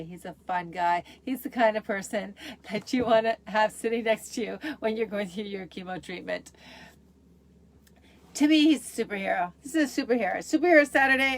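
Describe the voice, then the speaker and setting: A middle-aged woman talks casually and brightly as the host of her own show. She is chatty and upbeat, with plenty of fillers along the way. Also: medium pitch.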